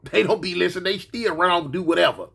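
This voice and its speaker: A man's voice: high voice, fast talker, vocal fry, faint music behind. A man in his forties, a grandfather, telling a story in a casual monologue and acting out the quotes. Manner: animated, acts out quotes, repeats words.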